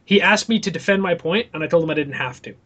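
Young male podcast co-host, high-pitched, launches into animated, profanity-laced rants about gadgets and fans. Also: fast, dull audio. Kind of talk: casual podcast chat.

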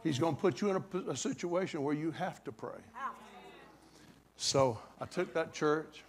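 A man's voice: a little high, moderate pace. An older man preaching a revival sermon, telling a folksy story in a conversational way with dramatic bursts.

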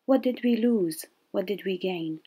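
A woman hosting a read-aloud, calmly asking listeners reflective questions. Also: mid-range voice, unhurried, breathy edge. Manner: calm, asks reflective questions. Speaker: parent reading host.

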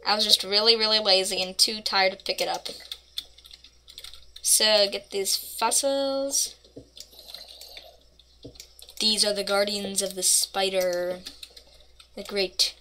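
A woman's voice: mid-range voice, fairly even intonation, slow pace, long pauses, pushed and bright, slight background noise. A woman casually commenting on her own gameplay, playful and mock-dramatic, rambling between asides. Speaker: gaming channel host.

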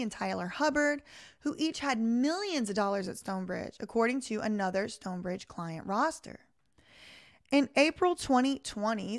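A woman hosting a live reaction stream, reading an article aloud and commenting in an animated, exasperated way straight to her viewers. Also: a little high.

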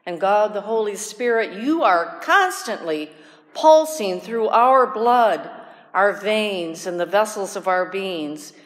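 A woman deacon delivers a sermon at an unhurried pace, her gentle, prayerful words carrying a long reverberant tail in the church. Now and then her voice lifts into a joyful exclamation. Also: medium pitch, lively intonation. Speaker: deacon preaching. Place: church sanctuary.

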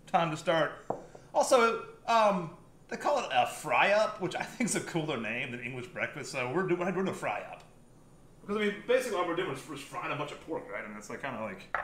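Bright-voiced American man joking in an echoey kitchen. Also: a little high, slight background noise. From United States. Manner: joking, rambling, swears freely. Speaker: cooking stream host. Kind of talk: casual live-stream chat while cooking. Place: home kitchen.

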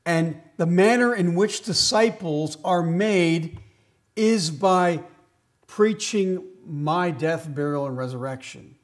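A man preaching a sermon as pastor, slowing down to stress key phrases and shifting from loud emphatic lines to quiet asides. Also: a little high. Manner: slows right down on key phrases.

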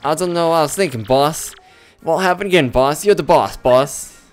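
A man's voice: fairly high pitch, moderate pace, soft background music, lightly acted. A man voicing a dim-witted male tree-creature henchman with a put-on mobster accent, fawning toward his boss. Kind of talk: reading game dialogue in character.

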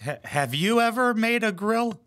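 A man's voice: sits high, expressive, moderate pace, a bit bright, slight background noise. A man hosting a reaction video, giving blunt, mocking commentary full of swearing. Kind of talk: profane sarcastic commentary.

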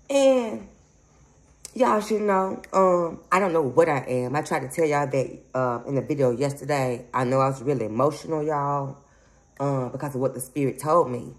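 Rambling woman vlogger, low-ish voice. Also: measured pace, long pauses, low-quality recording. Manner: rambling, emphatic, frequent laughs, addresses viewers as y'all. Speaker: psychic medium channel host. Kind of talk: casual rambling monologue to viewers.

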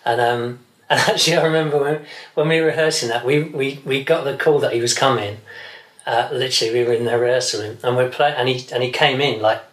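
A man's voice: mid-range voice, steady tone, quick pace, a bit bright, roomy sound, low-quality recording. A man, a session guitarist, chatting in an interview and rambling with many restarts. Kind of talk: casual interview chat.

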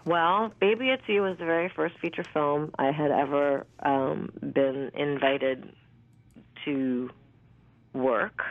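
A woman in her fifties, an actress, telling stories in a candid, animated way with plenty of fillers and the odd swear word. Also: low-pitched, slow, no room sound. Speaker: actress and interview guest. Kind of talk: casual storytelling interview. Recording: tinny dry phone line.

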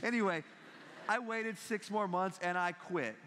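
Man, 30s, guest speaker, humorous talk, fairly high voice, long hall echo. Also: a little slow. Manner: animated storytelling with frequent laughter. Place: large university lecture hall.

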